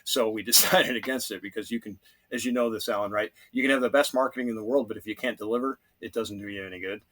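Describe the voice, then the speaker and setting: A man's voice: fairly low pitch, steady tone, quick pace, fairly bright tone. A man speaking as a podcast guest who runs a handyman business, emphatic and repeating phrases to stress his points. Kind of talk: casual podcast conversation.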